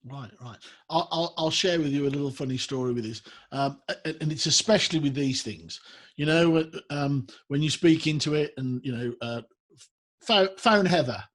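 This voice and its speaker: A man's voice: medium pitch, fairly quick. A man from Birmingham with a Brummie accent, hosting an interview over a video call, enthusiastic and full of fillers and repeated words. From Birmingham, England. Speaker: talk show host. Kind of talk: casual interview chat.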